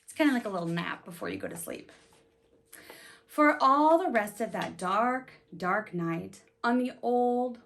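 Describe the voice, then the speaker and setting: A woman reading a children's picture book aloud in an animated, sing-song way, stopping to ask her young listeners questions. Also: medium pitch, gravelly. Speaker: storybook reader.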